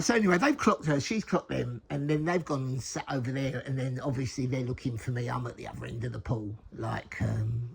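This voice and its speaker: A man's voice: mid-range voice, gravelly. A man casually telling a personal story, rambling with many restarts and frequent chuckles. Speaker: recovery storyteller.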